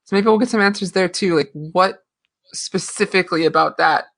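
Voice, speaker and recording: A woman co-hosting a podcast, recapping a TV episode with animated storytelling and frequent laughter. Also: on the low side, fairly quick. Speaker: podcast co-host. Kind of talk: casual chat, recapping a TV episode.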